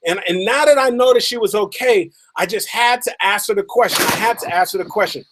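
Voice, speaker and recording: A man giving a motivational talk as a story, emphatic and repeating phrases for effect, slowing down on key lines. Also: high voice, a bit bright. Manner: slows down and stretches key lines for drama. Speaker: motivational speaker.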